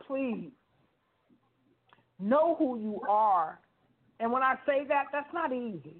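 A woman in her fifties giving an emphatic, preacherly spiritual testimony on talk radio, repeating phrases and speaking colloquially. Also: a little high. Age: 50s. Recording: phone-like narrow sound.

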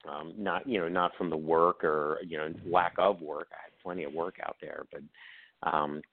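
A man with a Baltimore accent, a guest on an interview show, telling animated stories and acting out the voices of people he quotes. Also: a bass voice, normal speed. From Baltimore area, Maryland. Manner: animated anecdotes, acts out quoted voices, frequent restarts. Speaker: guest, author and production company CEO. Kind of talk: casual interview storytelling. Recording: tinny phone-like audio.

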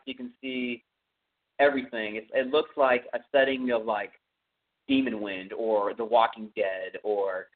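A man with a Texan accent hosting a podcast, casually retelling a horror movie's plot in a rambling way full of fillers. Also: medium pitch. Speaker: podcast host. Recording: tinny phone-like audio.

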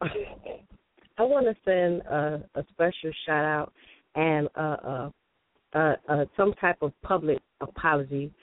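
A woman's voice: low-pitched, slow, no room sound. A woman co-hosting a casual morning show, speaking earnestly and laughing easily. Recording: tinny phone-like sound with faint music.

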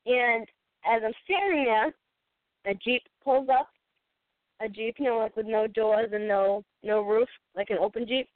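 In her thirties, this podcast co-host rambles through a casual story with frequent laughter. She speaks at a measured pace in a slightly high voice, and the dry recording sounds tinny, almost like a phone.

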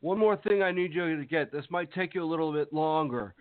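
Brief: high-voiced male deejay, bossy and offhand, thin phone-like audio. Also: brisk, no room sound. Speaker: radio deejay playing a film director. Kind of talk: comedy sketch. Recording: dry phone-like sound.

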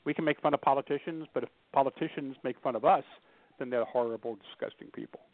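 A man's voice: medium pitch, fast, no echo. A man telling funny stories as a guest in an interview, acting out the voices of the people in them. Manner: animated storyteller acting out quoted voices. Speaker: guest humor speaker. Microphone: phone. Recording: tinny phone line.

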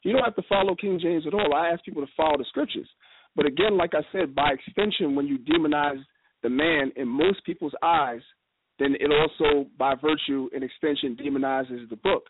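A man talks quickly in a casual radio discussion, his voice sitting a little high and his stories full of lively quoted dialogue. He comes through a narrow, tinny phone line. A steady hiss runs under his words. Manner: fast, animated storytelling with quoted dialogue. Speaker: guest speaker.

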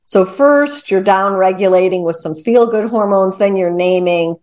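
An upbeat woman explains her method in a relaxed interview, talking in an easy, conversational way. Her voice sits at an ordinary middle pitch and climbs high when she stresses a point. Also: normal speed, hardly any pauses. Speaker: guest author, mindfulness teacher.

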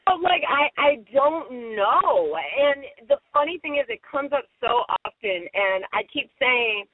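Chatty woman guest from Ohio, phone-line sound, animated storyteller. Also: sits high, a little slow, dry recording. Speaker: guest matchmaker. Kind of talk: casual phone interview. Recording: tinny phone line, dry.

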